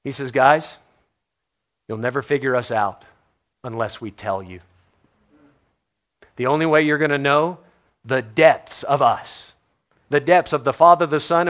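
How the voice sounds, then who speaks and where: A man preaching a sermon, shifting between emphatic stresses and hushed low phrases, reading scripture aloud. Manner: reads scripture in old-fashioned wording. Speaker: pastor.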